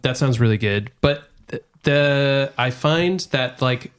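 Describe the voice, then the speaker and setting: A man's voice: medium pitch, takes it slowly, smooth. A man co-hosting a casual podcast chat, rambling with lots of fillers and relishing his food descriptions. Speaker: podcast co-host.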